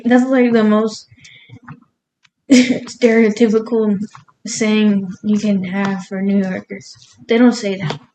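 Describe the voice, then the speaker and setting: A woman's voice: mid-range voice, little pitch movement, slow pace, pauses often, mellow, slight background noise, poor audio. A woman cooking in her home kitchen, rambling casually and laughing at herself as she talks through her recipe. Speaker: cooking vlogger. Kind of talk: casual cooking vlog chat.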